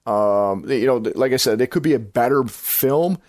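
The host, a man with a mid-range and slightly mellow voice, talks at a moderate pace on his podcast. He chats about movies in a casual, rambling, excited way, returning to points and fixing what he's said. The studio-quality recording has no room sound.

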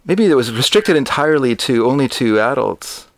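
A man's voice: mid-range voice, lively intonation, moderate pace. A middle-aged man co-hosting a casual film podcast, rambling and correcting himself as he goes. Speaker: podcast co-host.

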